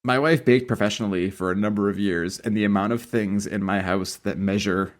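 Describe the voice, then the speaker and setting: A man's voice: lowish voice, steady tone, a little fast. A man co-hosting a podcast in casual chat, wry and casually swearing. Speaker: podcast co-host.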